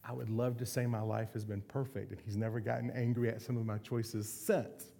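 Gravelly, mellow-voiced male preacher. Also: medium pitch, level tone, slight background noise. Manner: earnest, slows and softens for emphasis. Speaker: pastor. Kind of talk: sermon.

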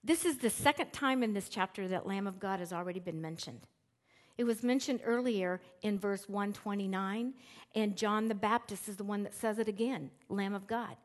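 A woman's voice: medium pitch, normal speed. Woman, middle-aged, preacher, conversational sermon, church, plays with emphasis. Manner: conversational and animated, acts out quotes with shifting emphasis. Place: church sanctuary with screens.

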